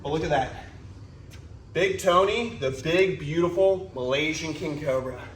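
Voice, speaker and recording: A man's voice: fairly high pitch, unhurried, slight background noise. A man hosting a reptile vlog at a snake facility, enthusiastic and a little out of breath. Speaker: reptile keeper and vlog host. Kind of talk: casual vlog talk to camera. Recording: roomy, from a distance, faint ambience.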